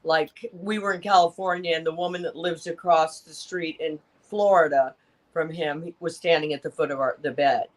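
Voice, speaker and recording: A man's voice: on the high side, steady tone, normal speed. A man co-hosting a talk radio show, chatting casually and laughing easily. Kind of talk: casual chat.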